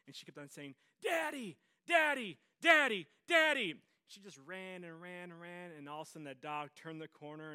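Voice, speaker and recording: A man's voice: a little high, bright, forceful tone, smooth. A man preaching a sermon as pastor, telling stories with energy and repeating his phrases for emphasis.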